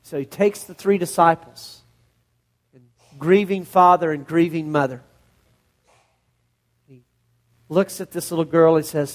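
High-voiced pastor telling Bible stories. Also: male voice, measured pace, pauses often. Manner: animated storytelling, acts out Bible scenes in voices. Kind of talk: sermon.

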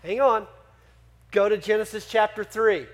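A man with a notably high voice preaching to his congregation. He is animated and keeps firing questions at the crowd to draw them in. His delivery swings between punchy emphasis and quieter explaining. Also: normal speed. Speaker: pastor. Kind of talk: sermon.

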